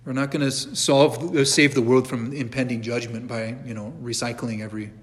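Middle-aged male church teacher, relaxed and conversational, frequent restarts, recorded with long hall echo. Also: mid-range voice, a little fast. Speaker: catechism teacher. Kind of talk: informal church class lecture.

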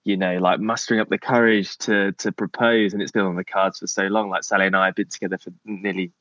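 A man's voice: low voice, flat delivery, bright, forceful tone, no echo, lo-fi sound. A man in his thirties from Cornwall with a Cornish English accent, chatting casually as a podcast guest, often restarting his sentences and chuckling. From Cornwall, England. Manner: halting, self-interrupting, chuckles often. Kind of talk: casual conversation.

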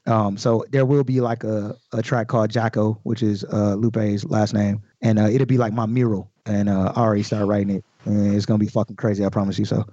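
A man talking casually as a podcast guest, explaining his own rap lyrics in an animated way with many fillers. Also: fairly low pitch, brisk, few pauses, no room sound, dull audio. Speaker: guest recording artist.

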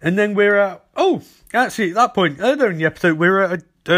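A young man recapping and reviewing a TV episode in a casual, animated way, swearing freely. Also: high voice, brisk.

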